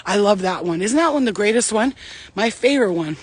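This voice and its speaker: A woman's voice: mid-range voice, expressive, brisk, breathy edge, no echo. A woman delivering a brash, confrontational spiritual rant, swearing heavily. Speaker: spiritual vlogger.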